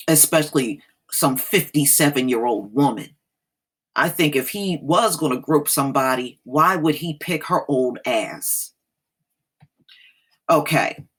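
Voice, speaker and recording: Slow, sassy woman commentator. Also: very deep voice, a bit bright. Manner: sassy, blunt, slangy. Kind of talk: casual reaction commentary.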